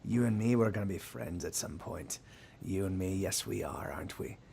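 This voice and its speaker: A man voicing a wretched, leering old male sailor who speaks in a low, menacing croon. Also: moderate pace, vocal fry.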